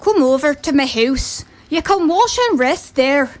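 Lady putting on a kind scottish farmer, raised high voice, firm and humble. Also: expressive, measured pace. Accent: put-on Scottish.

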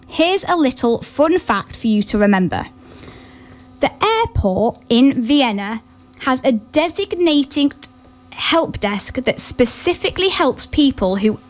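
A woman hosting a radio show, chatting casually and rambling between songs. She sounds nervous and excited, with giggles. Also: fairly high pitch, measured pace. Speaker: radio host.

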